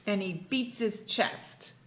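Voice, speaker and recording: Reading slowly in a medium-pitched voice, a woman shares a picture book with a child. She's lively, explaining the illustrations as she reads along.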